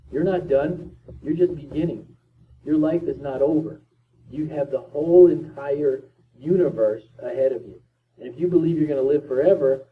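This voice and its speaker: A man's voice: mid-range voice, slight background noise. Fifties guy giving a pumped-up motivational talk, tinny and far off from the mic. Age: 50s. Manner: emphatic, repetitive, preachy. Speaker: motivational speaker. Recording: distant tinny lo-fi recording.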